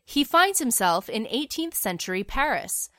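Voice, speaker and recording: A woman's voice: a little high, sing-song, normal speed, bright, forceful tone, dry recording, studio quality. A woman casually narrating a fan story in a chatty, wry way, with the odd filler.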